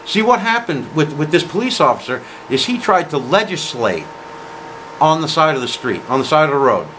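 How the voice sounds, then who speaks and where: Animated man retelling a court story. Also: on the high side, moderate pace, a little hiss or hum, low-quality recording. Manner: animated retelling, quotes others in dialogue. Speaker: vlogger. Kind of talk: casual storytelling to camera.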